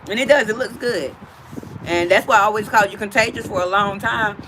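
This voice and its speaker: A woman's voice: medium pitch, brisk, a bit bright, a little hiss or hum. A woman hosting a casual livestream from outdoors, chatting directly with her viewers. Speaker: livestream host.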